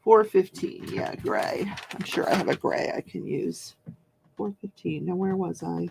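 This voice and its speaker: A woman's voice: lowish voice, a little slow, creaky, noisy background. A woman in her forties hosting a live crafting stream, chatting casually, often laughing and reading viewer comments aloud. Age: 40s. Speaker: host of a live crafting show.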